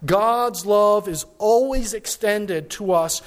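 A man's voice: high voice, slow. A man pastor giving a sermon, telling a personal story in a conversational way with frequent restarts.

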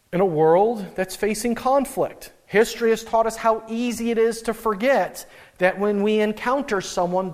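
High-voiced man preaching a sermon. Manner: conversational, animated preaching with frequent restarts. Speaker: pastor.

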